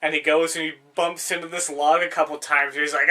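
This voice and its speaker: A man's voice: fairly high pitch, little pitch movement, moderate pace, sharp tone. A young man co-hosting a podcast in casual chat, rambling and swearing freely, laughing often. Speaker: podcast co-host.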